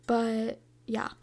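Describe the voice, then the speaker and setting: Rambling excitable teen girl. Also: on the high side. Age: about 18. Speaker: movie reviewer. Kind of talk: casual chat.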